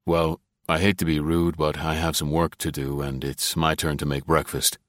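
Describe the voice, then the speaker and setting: A man voicing a tall, guarded neighbor who speaks calmly, politely and a little dryly. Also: extremely low pitch, moderate pace, no room sound. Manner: calm, polite, dry and dubious.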